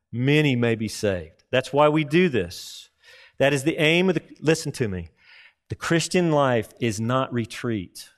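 Speaking at medium pitch, a man preaches a sermon to a live audience. He's emphatic, poses rhetorical questions, and slows down to stress his points.

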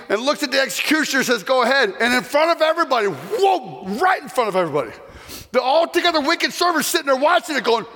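A man's voice: very high-pitched, sharp tone, big-room sound. A man telling a parable as a chapel sermon, with dramatic, swelling delivery. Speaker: chapel speaker. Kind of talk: sermon storytelling.

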